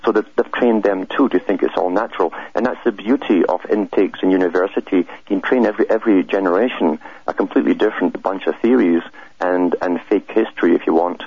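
A man's voice: sits low, brisk, breathy edge, highs cut off. A man being interviewed as a guest on a radio talk show, explaining steadily with frequent hesitations and repeated words.

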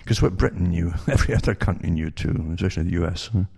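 Talking fast, a man with a husky, dark, gravelly voice reads news articles to his audience in rambling spurts. He keeps interrupting himself and restarting, peppering listeners with rhetorical questions.

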